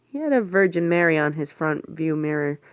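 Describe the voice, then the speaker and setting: A woman's voice: deep voice, a little fast, clean tone, no room sound, studio quality. A woman reading a first-person thriller audiobook aloud, voicing the other characters herself. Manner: lively, voices the other characters and swears in the heat of the story. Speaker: audiobook narrator. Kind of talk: first-person story narration with character voices.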